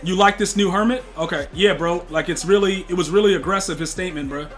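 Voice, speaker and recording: A young man streaming a football video game, talking slangy trash to his chat and yelling at plays. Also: high-pitched, fast talker, soft background music. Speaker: gaming streamer. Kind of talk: live game stream commentary.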